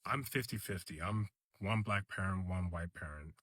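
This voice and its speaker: An English man with a very deep, husky voice tells a personal story in a level, even tone. He sounds calm and measured as he addresses his viewers directly, recorded close and dry with no room sound. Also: dry recording. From England. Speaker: vlogger.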